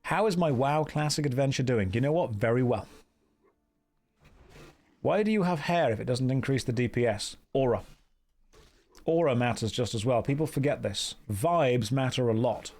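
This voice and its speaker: Streaming a game, this young Midwestern American man speaks expressively at a relaxed middle pitch with a darkish tone. His casual commentary mixes reading chat aloud, dry teasing replies, and quick notes on the game between jokes.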